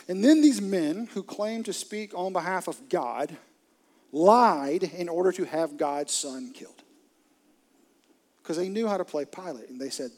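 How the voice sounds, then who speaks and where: A man preaches a sermon as a dramatic storyteller, his slightly high voice sinking to hushed near-whispers and then swelling into loud bursts. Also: normal speed. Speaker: pastor.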